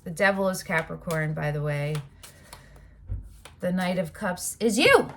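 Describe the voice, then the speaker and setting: A woman giving a casual tarot reading, talking emphatically and animatedly, with swearing and loud outbursts. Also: fairly low pitch, steady tone, a little slow. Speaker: tarot reader.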